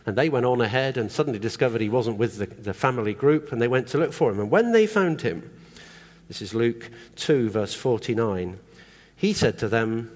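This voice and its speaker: A man preaching to a congregation in a chatty, questioning way, his pitch moving up and down a lot. His voice carries a long reverb from the church hall around him. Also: expressive, moderate pace, darkish tone. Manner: conversational, asks the congregation questions. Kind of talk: sermon.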